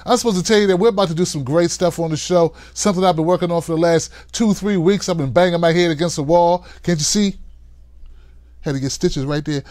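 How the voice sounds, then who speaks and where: Male live-stream host, playful and hyped, high-voiced, dry sound. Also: no room sound. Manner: hyped, playful, hollers shout-outs to viewers. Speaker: host of a call-in show. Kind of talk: live-stream talk show monologue.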